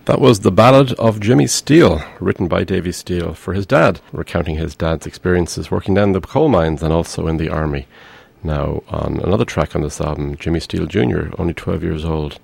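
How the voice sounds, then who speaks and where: A man's voice: deep voice, fairly quick, creaky, hardly any pauses, a little mellow, breathy edge, no room sound. A man hosting a radio music show, back-announcing tracks in an easygoing way with brief asides. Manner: easygoing, reads out album notes with brief asides.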